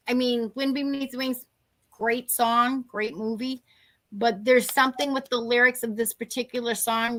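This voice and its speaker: A woman's voice: high voice, sharp tone. A woman with a Boston accent, a psychic medium talking on a video call in a rambling, chatty way that keeps breaking off mid-sentence. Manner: rambling, chatty, self-interrupting. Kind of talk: live-streamed chat and readings. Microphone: video call microphone.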